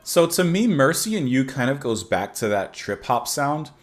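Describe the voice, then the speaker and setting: A man in the middle pitch range with a lively, animated voice that rises and falls a lot. He talks casually and enthusiastically through an album reaction, thinking aloud with fillers and restarts and reading lyrics with feeling. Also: normal speed, loud music behind the voice. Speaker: music reaction host. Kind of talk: casual music reaction and review.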